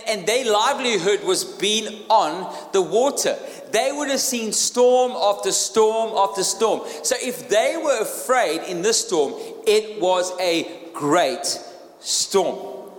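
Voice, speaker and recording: Male preacher, higher voice, emphatic sermon delivery, long hall reverb. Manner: emphatic, repeats key phrases, asks the crowd questions.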